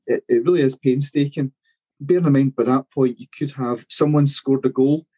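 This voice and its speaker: A man, co-hosting a sports podcast and explaining things in a measured way. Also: medium pitch, dark tone, breathy edge, poor audio. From Scotland. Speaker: podcast co-host. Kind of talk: casual chat.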